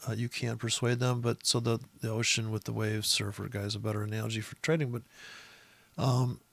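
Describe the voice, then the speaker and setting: A man giving a casual, rambling and profane talk on trading, rising to loud, high-pitched rants. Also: brisk, creaky. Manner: profane, animated, gets loud and high when ranting. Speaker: trading educator.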